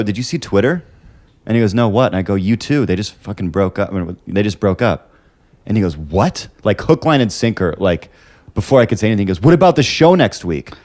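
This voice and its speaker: A man with a middle-pitched voice tells a funny story, his pitch swinging widely. He laughs often as he talks. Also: darkish tone. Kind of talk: casual comedic storytelling.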